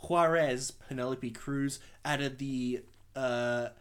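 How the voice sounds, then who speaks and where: A man's voice: mid-range voice, steady tone, slow, smooth. A man in his thirties co-hosting a casual podcast chat, answering in a dry, wry way. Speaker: podcast co-host.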